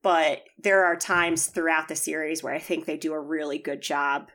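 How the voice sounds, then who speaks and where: A woman co-hosting a podcast in casual chat, animated and swearing freely as she acts out quotes with laughter. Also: sits low, normal speed. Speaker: podcast co-host.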